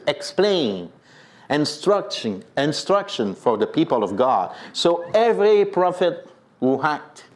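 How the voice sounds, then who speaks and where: A priest tells a personal story in an animated way, often saying "you know". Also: male voice, medium pitch.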